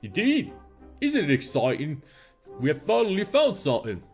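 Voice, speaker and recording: A man's voice: on the high side, wildly swooping pitch, normal speed, a little mellow, soft background music, voice pushed up. A man with a cold voicing an eager young British treasure-hunting friend in a faltering put-on British accent. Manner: upbeat, enthusiastic. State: has a cold.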